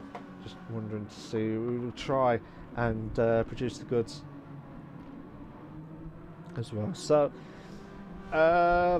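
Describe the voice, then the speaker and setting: A man commenting live on a sim race, excitable and repeating phrases, breaking into shouts. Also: mid-range voice, background noise.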